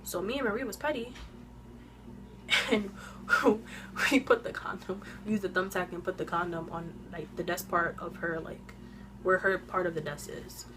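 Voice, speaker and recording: Eating as she films on her phone, a twenty-one-year-old vlogger tells an animated, slang-packed storytime for her channel. Her pitch is fairly low and her speed normal, with background noise in the recording.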